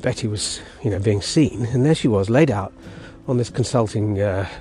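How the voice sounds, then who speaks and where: Man, warm mellow voice, rambling storyteller, podcast recorded outdoors on a dog walk, faint music behind. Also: fairly low pitch, moderate pace. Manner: rambling, self-interrupting, chatty with his dog. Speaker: podcast host. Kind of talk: casual storytelling monologue.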